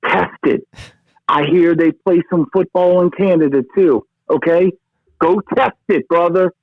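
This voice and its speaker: A man's voice: sits high, unhurried, no echo. A man calling in to a sports talk show, ranting with fire and tagging his lines with "okay?" and "brother.". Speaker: caller. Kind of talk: phone-in sports rant. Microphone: phone. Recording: tinny phone line.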